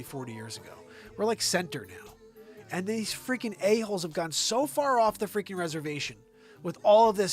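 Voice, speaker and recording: A man's voice: sits high, fairly bright tone. A man hosting his own online show, ranting about politics in a heated, profane and sarcastic way.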